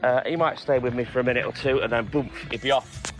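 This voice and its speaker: A man's voice: mid-range voice, steady tone, fast, music in the background, poor audio. A man from North Wales with a North Welsh accent, chatting casually and wryly on a livestream and answering viewers by name. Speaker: livestream host. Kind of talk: casual live chat with viewers.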